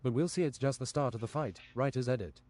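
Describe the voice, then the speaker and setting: On a stream, a fast-talking man with a mid-range voice reads out an absurd fantasy tale, delivering it in a flat, matter-of-fact deadpan.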